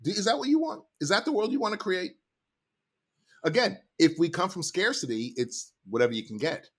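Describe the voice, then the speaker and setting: A middle-aged man, a sales trainer, telling stories in an animated, emphatic way as a podcast guest. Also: high-pitched, fairly quick, breathy edge. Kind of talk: casual interview talk.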